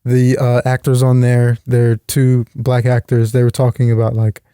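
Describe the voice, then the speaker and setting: A man guesting on a casual movie review podcast, easygoing and quick to laugh and agree. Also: medium pitch, completely flat delivery, warm tone, clear, resonant tone, no room sound, studio quality. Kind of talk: casual chat.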